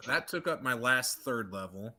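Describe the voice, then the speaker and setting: A man's voice: medium pitch, expressive, normal speed, bright, forceful tone. A man playing a tabletop game, chatty and joking, thinking aloud about his spells. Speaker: player.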